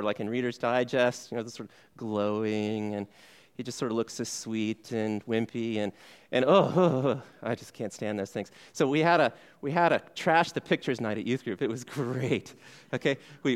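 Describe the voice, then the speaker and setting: A man's voice: mid-range voice, smooth. A male pastor giving a sermon in a conversational way, posing questions to the congregation and answering them himself, with frequent "okay"s. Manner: frequent "okay" fillers and restarts.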